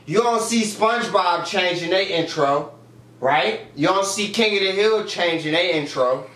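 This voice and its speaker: A man's voice: sits high, measured pace, roomy sound. A man co-hosting a podcast in casual chat, joking and ranting with energy. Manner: joking, animated rants. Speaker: podcast co-host.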